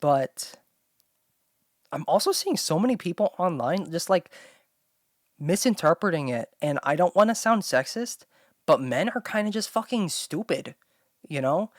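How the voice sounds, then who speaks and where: A woman's voice: on the low side, animated, a little slow, pauses often, no room sound, clean studio sound. A young woman hosting her own chat show, rambling with constant fillers and talking bluntly with plenty of swearing. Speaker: solo podcast host. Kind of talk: casual talking-to-camera chat.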